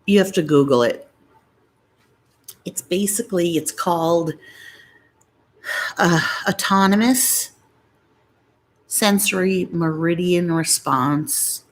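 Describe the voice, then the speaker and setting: Husky middle-aged lady rambling to her viewers on a live stream, slow and a bit low. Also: low-quality recording. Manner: rambling, talks straight to viewers. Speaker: mukbang vlogger. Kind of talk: casual live-stream chat.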